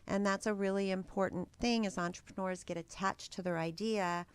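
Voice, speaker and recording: A woman's voice: mid-range voice, fairly even intonation, normal speed, smooth, no echo. Encouraging woman interview host. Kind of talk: casual interview chat.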